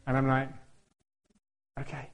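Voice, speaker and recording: A man telling a lively anecdote, laughing often and acting out what other people said. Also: unhurried. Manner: animated, laughs often, acts out quotes in a higher voice. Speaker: tuba player telling a story. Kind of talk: anecdotal storytelling.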